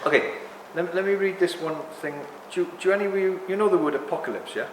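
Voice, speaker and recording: A man in his sixties speaks to a live audience, rambling and animated, ranting and then apologizing for it. His voice sits a little high. The sound is roomy, with a long hall reverb and faint background noise. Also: fast talker. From England. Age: 60s. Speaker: speaker at a talk.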